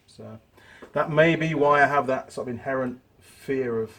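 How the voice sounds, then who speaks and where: This home-workshop repair tutorial is led by a middle-aged mechanic whose mid-range voice is a bit bright and moves at a moderate pace. Chatty and self-deprecating, he drifts into stories while working.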